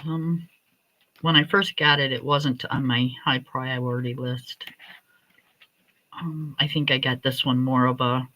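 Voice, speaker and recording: Female stream host, casual chat, unhurried and meandering, bright tone. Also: very deep voice, low-quality recording. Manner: meandering, relaxed and chatty. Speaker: livestream host. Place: home.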